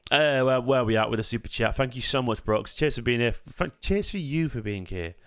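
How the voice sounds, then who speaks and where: A man hosting a football fan channel, chatting casually through a live watchalong and reacting excitedly to the play. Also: medium pitch, fairly quick, clean tone.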